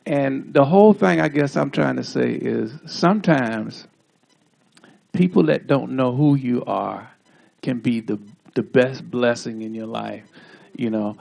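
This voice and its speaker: Easygoing male speaker with a gravelly voice, rambling anecdotes at an outdoor dedication. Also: medium pitch. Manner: laid-back, drawling storyteller with asides. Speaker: honoree giving a speech. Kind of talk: casual storytelling speech. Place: outdoor street ceremony.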